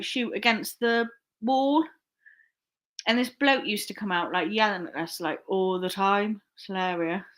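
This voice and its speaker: Chatting casually on her live stream, a young online reseller has a mid-range, slightly bright voice. She rambles along, laughs a lot and doesn't hold back on swearing.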